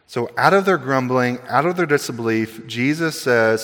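Male pastor, conversational preaching style, mid-pitched, recorded with hall reverb. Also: animated, normal speed, hardly any pauses, a bit bright. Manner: conversational, jokey preaching with rhetorical questions. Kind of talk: sermon.

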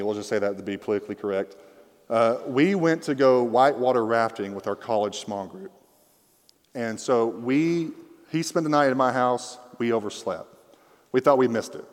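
A young man preaching a sermon through a microphone, telling a funny story with animated, rising excitement. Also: mid-range voice, big-room sound. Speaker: pastor.

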